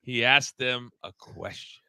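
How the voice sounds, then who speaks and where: Bright, animated middle-aged man storyteller. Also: mid-range voice, unhurried, clear, resonant tone, no room sound, poor audio. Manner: animated storyteller, stammers and repeats words. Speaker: podcast co-host, former wrestling coach. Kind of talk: casual wrestling talk-show chat.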